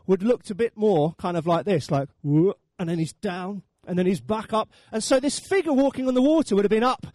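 A man's voice: high voice, animated, a little fast, few pauses, a little mellow, no room sound, studio quality. A man preaching a sermon, telling the story with animation and acting out the voices.

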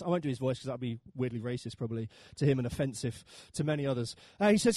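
A pastor in his thirties tells a story in his sermon with plenty of humour. His voice swings widely in pitch, sitting fairly high for a man. The sound is dry and close, with almost no room echo. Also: fast talker, few pauses. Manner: lively, humorous storytelling with acted quotes.

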